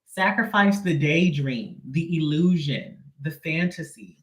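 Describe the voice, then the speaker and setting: High-pitched guy doing a chatty tarot reading, sassy and emphatic, bit of room echo. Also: lively intonation, measured pace, fairly bright tone. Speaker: tarot reader. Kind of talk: casual live tarot reading.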